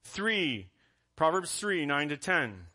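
A man's voice: a little high, big pitch swings, slow pace, pushed and bright, breathy edge. A man preaching a conversational sermon as pastor, reading scripture aloud between asides.

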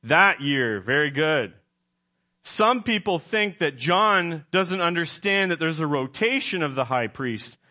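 A man's voice: fairly high pitch, pushed and bright. A man preaching a sermon as pastor, emphatic, quizzing his congregation and correcting himself as he goes.

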